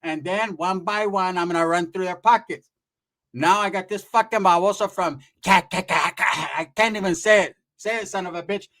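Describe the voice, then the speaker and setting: A man voicing a bossy, scheming middle-aged aunt who scolds in a drawn-out way in a comedy story. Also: sits high, pushed and bright.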